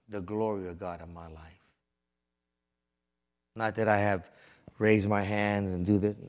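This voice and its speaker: A man preaching a sermon as pastor, swinging between loud fervent passages and quiet, folksy storytelling with conversational asides. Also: deep voice.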